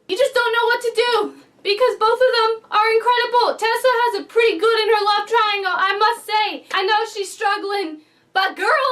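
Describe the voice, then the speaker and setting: A woman with a very high, bright voice reviews a novel in casual vlog chatter. She gushes with animated, fangirl enthusiasm. Her voice sounds a little distant from the microphone. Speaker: book reviewer.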